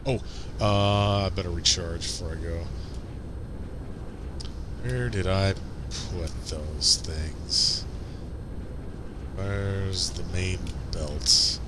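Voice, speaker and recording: A man's voice: low-pitched, extremely slow, pauses often, noisy background. A man streaming a game, chatting casually and muttering to himself as he plays. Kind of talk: casual gameplay commentary.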